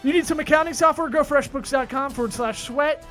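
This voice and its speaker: A man hosts a comedy business podcast in a jokey, fast-plugging manner. His voice sits high, with faint music under it. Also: a bit bright. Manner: jokey, rapid-fire sponsor plugs. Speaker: podcast host. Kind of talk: casual podcast chat with ad reads.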